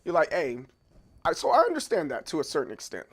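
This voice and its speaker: A man's voice: on the high side, huge pitch swings, rapid-fire, breathy edge. A man in his thirties hosting a livestream, chatting casually through viewer comments and often stopping to repeat words as he thinks aloud.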